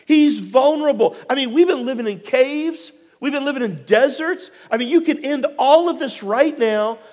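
A man's voice: moderate pace, big-room sound. A man voicing a band of weary soldiers who urgently plead with their leader, his voice raised and pressing. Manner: urgent, pleading, high and forceful. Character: David's soldiers, weary men urging revenge.

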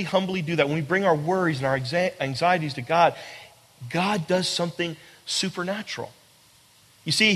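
With a voice that sits high and sounds pushed and bright, this pastor delivers a sermon to his congregation. He speaks emphatically, circling back to the same phrases, asking rhetorical questions and talking straight to the people before him. It's a large room, and long hall reverb trails his words.

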